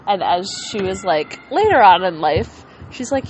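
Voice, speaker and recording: A woman's voice: medium pitch, big pitch swings, a little slow, a little hiss or hum, low-quality recording. A woman co-hosting a casual podcast, teasing and laughing often. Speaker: podcast co-host. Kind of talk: casual chat.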